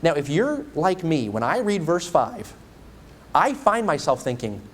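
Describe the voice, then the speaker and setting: Male evangelist, sermon; slightly high, animated, questioning. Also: measured pace, slight background noise. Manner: animated preaching with rhetorical questions. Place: church.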